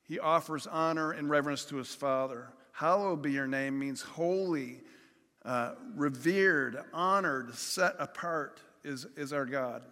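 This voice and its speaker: A pastor with a fairly high, sharp-toned voice preaches at an unhurried pace, giving a conversational sermon full of everyday examples and acted-out pleas. The recording carries a long hall reverb.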